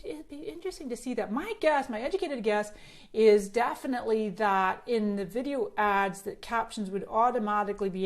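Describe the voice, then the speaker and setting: A middle-aged woman with a Scottish-Canadian accent, chatting bubbly and casually on a live stream and answering viewer comments, filmed on a phone on a selfie stick. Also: mid-range voice. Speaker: social media marketing host.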